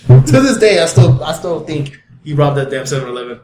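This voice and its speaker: Fast, animated young man telling a story. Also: fairly high pitch, echoey room. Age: young adult. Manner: animated, profane, acts out voices of others in his story. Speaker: podcast co-host. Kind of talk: casual storytelling among friends.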